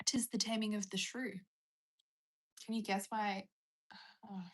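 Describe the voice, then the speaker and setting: A woman's voice: mid-range voice, little pitch movement, normal speed, long pauses. A young Australian woman hosting a casual livestream, chatting in a rambling, self-mocking way while she reads out viewer comments. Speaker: livestream host.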